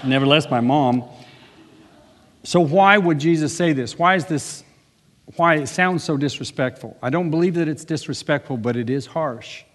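A man's voice: on the high side, moderate pace, in a large hall. A man preaching a sermon earnestly, with conversational asides. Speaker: pastor.

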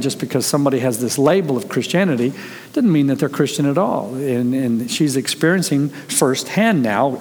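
A man's voice: mid-range voice, darkish tone. A man preaching a conversational sermon as pastor, earnest, telling stories and quoting people with animation. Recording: long reverb of a large hall.

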